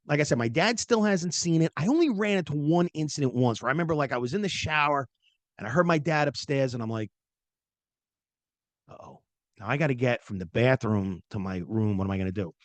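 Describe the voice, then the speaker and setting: A middle-aged man hosts a podcast and tells a long personal story in a loose, chatty style, full of fillers and restarts. His voice sits a little high for a man and swings up and down with lively energy. The sound is close and dry, with no room around it. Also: no echo. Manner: animated, chatty, many fillers, acts out quoted voices. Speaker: podcast host. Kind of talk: casual storytelling monologue.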